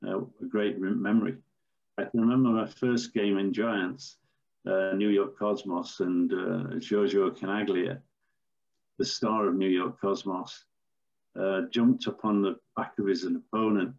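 A man's voice: deep voice, fairly even intonation, gravelly, a little mellow, highs cut off. Older man telling referee stories. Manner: storytelling, measured, with fillers. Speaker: former football referee, podcast guest. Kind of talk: anecdotal interview answers.

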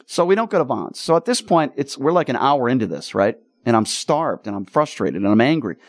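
Male radio host, mid pitch, lively storyteller, dry close mic. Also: a little fast, few pauses, dry recording. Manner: animated, exasperated storyteller. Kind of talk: casual storytelling chat.

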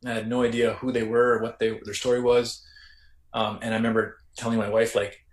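A Canadian man, a former correctional officer, recounting his story in a reflective, halting way with many restarts. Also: fairly low pitch, little pitch movement. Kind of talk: casual storytelling interview. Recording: roomy echo.

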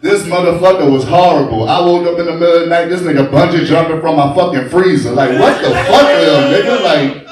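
A young stand-up comic from New Orleans, crude and swaggering, with a high voice and his own accent. He is recorded live in a bar from a distance, so the sound booms back off the room. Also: fairly quick, very echoey. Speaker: stand-up comedian. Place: bar stage.

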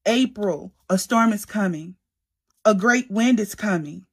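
A woman giving a personal religious testimony, earnest and emphatic, often soft and subdued, and repeating key phrases for weight. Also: medium pitch, measured pace, husky. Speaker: believer sharing a prophetic message.

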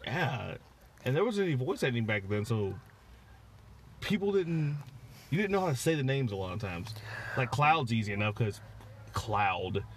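A man's voice: mid-range voice, very animated, normal speed, long pauses, a little hiss or hum. A man co-hosting a casual podcast, rambling with many fillers and restarts as he chats. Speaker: podcast co-host. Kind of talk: casual chat.

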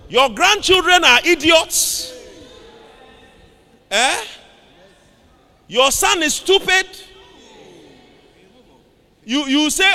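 Man, pastor, sermon, slow delivery, bright voice, long reverb of a large hall. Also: extremely high pitch, lively intonation. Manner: preaching with call-and-response to the congregation; shouting emphatic lines.

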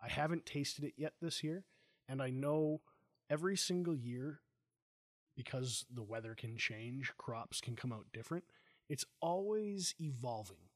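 Animated male host telling stories. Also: mid-range voice, a little slow, dry recording, studio quality. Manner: animated storyteller, acts out quotes. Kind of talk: casual interview chat.

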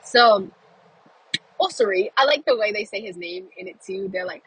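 Woman vlogger, talks in her car while driving, bright tense tone, breathy husky texture, chatty and animated. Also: medium pitch, normal speed, low-quality recording. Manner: chatty and animated, with many "like"s and quoted reactions. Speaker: vlogger reviewing a film. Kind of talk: casual chatty review.

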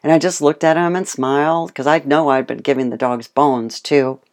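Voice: mid-range voice, normal speed. A guest in casual chat who tells stories with animation, laughs often and acts out what other people said. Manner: animated storytelling, acts out quotes. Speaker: guest speaking on homemade dog food.

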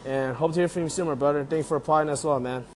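A man's voice: a little high, fairly even intonation, fast. A man leaving a casual, friendly video message full of bro-talk. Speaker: fan sending a video message.

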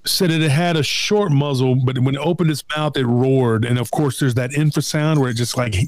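A middle-aged man in casual conversation, retelling a story with lively acted-out quotes. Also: mid-range voice, normal speed. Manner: animated retelling, acts out quoted voices.

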